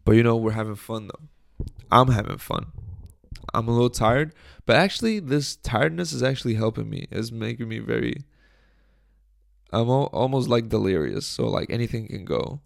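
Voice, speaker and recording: A young man hosting his podcast alone, hoarse from a cold, joking crudely and rambling in casual chat into a close microphone. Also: mid-range voice, animated, normal speed, dry recording. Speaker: podcast host. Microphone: studio microphone, close.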